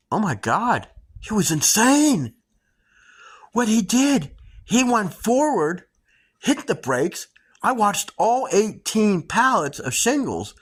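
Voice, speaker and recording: A middle-aged woman host telling dramatic personal stories to her viewers in a casual, animated way. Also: medium pitch, slightly rough. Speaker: homestead channel host.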